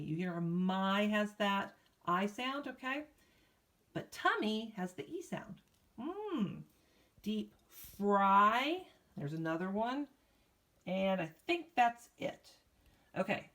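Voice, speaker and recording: A woman's voice: mid-range voice, fairly bright tone. A woman teaching a recorded phonics lesson to young children, upbeat and coaxing, asking the kids questions, recorded on a phone. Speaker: elementary teacher.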